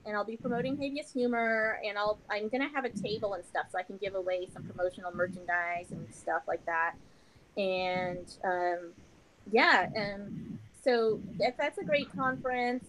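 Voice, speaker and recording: A woman's voice: fairly high pitch, a little hiss or hum, rough recording. A woman guest on a podcast interview who talks in a chatty, rambling way with many fillers. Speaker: podcast guest and comedy show host. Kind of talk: casual interview chat.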